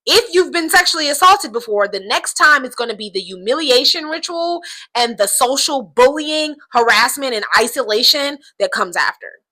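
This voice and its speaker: A woman's voice: sits high, animated, normal speed, pushed and bright, poor audio. A young adult woman giving casual commentary, outspoken and emphatic, often checking in with "right?". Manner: emphatic, keeps asking "right?"; outspoken, swears freely. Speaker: commentary vlogger.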